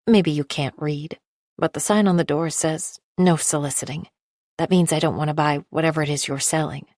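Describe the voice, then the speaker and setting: A woman's voice: low-pitched, fairly even intonation, normal speed, darkish tone, dry recording, studio quality. A woman voicing an emotional, tearful middle-aged woman who calls people honey and sweetie, in an audiobook. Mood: curt.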